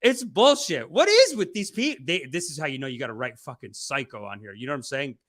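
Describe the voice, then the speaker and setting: Lively high-voiced man ranting. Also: quick pace. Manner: rambling, profane, mocking. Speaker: podcast host. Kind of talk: loose commentary chat.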